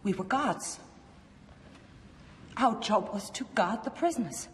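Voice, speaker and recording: A woman's voice: medium pitch, lively intonation, takes it slowly, slight background noise. An actress playing a defensive former woman prison guard, plain and insistent. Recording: film clip with reverb and score.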